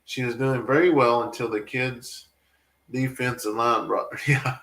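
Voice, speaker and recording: A man's voice: mid-range voice, steady tone, measured pace, fairly bright tone, roomy sound, low-quality recording. A man, a family farm vlogger, rambling and emotional as he talks back to viewer comments in a casual live stream.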